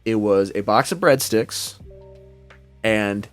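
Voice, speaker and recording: A man's voice: on the low side, slow, soft background music. A young man co-hosting a podcast, telling a long story in a casual, profane way and acting out the quotes, heard over a call mic. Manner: animated, profane, acts out quotes. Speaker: podcast co-host.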